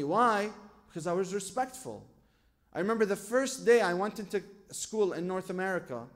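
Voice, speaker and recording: High-voiced man preaching with stories. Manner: storytelling, asks rhetorical questions, quotes scripture in Arabic. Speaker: sheikh giving a lecture. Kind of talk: sermon. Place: lecture hall at a religious gathering.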